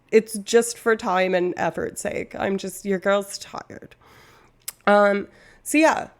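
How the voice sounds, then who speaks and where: A woman streaming live from home, talking casually with lots of fillers, tangents and swearing. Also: mid-range voice.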